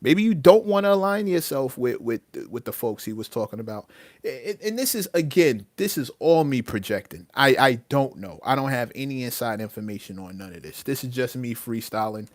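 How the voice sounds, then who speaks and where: A man's voice: mid-range voice, animated, normal speed, no room sound, studio quality. A man hosting his own livestream, ranting emphatically about entitlement, often restarting his words. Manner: heated, emphatic, with many repeated restarts. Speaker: livestream host and rapper.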